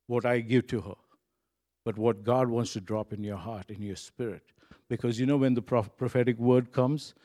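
A man's voice: mid-range voice, darkish tone. An earnest male pastor delivers a sermon in a conversational, unpolished way. He restarts sentences and leans on casual fillers while speaking directly to his listeners. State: choked up when recalling a moving moment.

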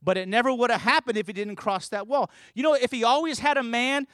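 A man's voice: extremely high pitch, fast, few pauses, fairly bright tone, dry recording, studio quality. A man preaching a sermon, telling stories and building to fervent emphasis. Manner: storytelling, rising to fervent emphasis.

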